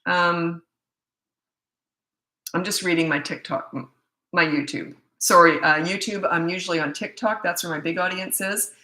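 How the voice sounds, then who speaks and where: A middle-aged woman from Canada giving parenting advice in a casual live Q&A, talking in a brisk, direct way and reading viewer questions aloud. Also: on the low side, fairly even intonation, bright, forceful tone. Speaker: parenting coach. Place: room at her computer. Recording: echoey room.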